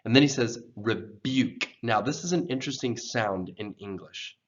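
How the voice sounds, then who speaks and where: A man teaching English pronunciation in a slow, careful lesson, patiently repeating words for learners. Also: mid-range voice, animated. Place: church program video. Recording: dull, lo-fi sound.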